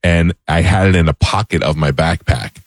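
Man, radio host, very deep voice, casual chat, rambling stories, dry sound. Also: moderate pace, dry recording. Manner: laughs easily, rambling anecdotes.

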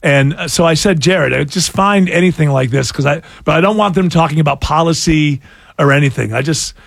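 A man's voice: a little high, fairly quick, gravelly, fairly bright tone, no echo, clean studio sound. A man hosting a casual, sarcastic chat. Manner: sarcastic, mocking. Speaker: host.

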